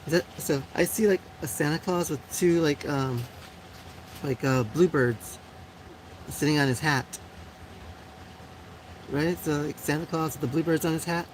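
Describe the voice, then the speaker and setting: A woman's voice: deep voice, measured pace, pauses often, a little mellow, a little hiss or hum, rough recording. A woman in her forties hosting a live stream and chatting casually with viewers. She answers comments bluntly, with lots of fillers and frequent laughs. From Puerto Rico. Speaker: live show host.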